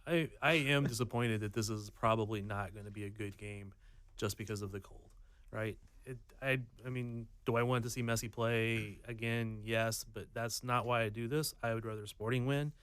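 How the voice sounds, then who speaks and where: A man's voice: fairly low pitch, fairly even intonation, normal speed, a bit bright, clear, resonant tone, no room sound. A man co-hosting a casual sports chat, thinking aloud with hesitant restarts. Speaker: podcast co-host.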